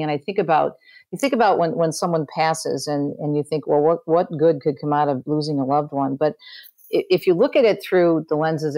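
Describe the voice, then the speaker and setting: A woman's voice: sits low, a little mellow, no room sound. A middle-aged woman, a podcast guest, telling a personal story in conversation, with frequent restarts. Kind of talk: conversational interview testimony.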